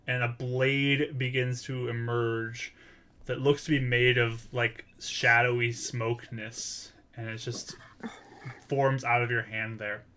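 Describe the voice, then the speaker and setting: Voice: mid-range voice, level tone, slow pace, fairly bright tone. A game master narrating a tabletop game in an easygoing, amused way, with loose, casual descriptions.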